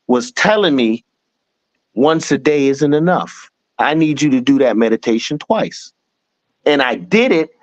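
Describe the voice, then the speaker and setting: Lively man chanting affirmations. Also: mid-range voice, dry recording, dull audio. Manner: animated, chanting meditation affirmations. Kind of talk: casual spiritual chat.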